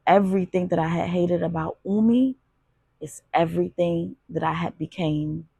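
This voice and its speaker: A woman's voice: fairly low pitch, vocal fry, breathy edge, dry recording. A woman narrating a gritty first-person audiobook in a raw, confessional storytelling manner.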